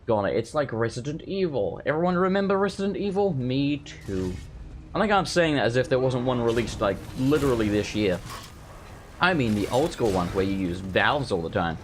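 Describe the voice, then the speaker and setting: A man's voice: medium pitch, lively intonation, moderate pace, slight background noise. A man losing his voice, giving casual, rambling gameplay commentary as a let's play host and swearing offhandedly.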